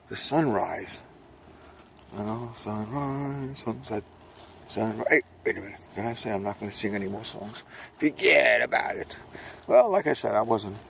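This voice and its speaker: Older brooklyn guy rambling on a walk, gravelly lowish voice, phone video with lots of outdoor noise. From Brooklyn, New York. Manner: meandering, chatty, folksy, playful asides. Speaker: vlogger. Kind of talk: rambling casual vlog on a walk. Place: outdoors on a walk, by a road and railway. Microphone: phone camera. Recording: noisy outdoor phone recording.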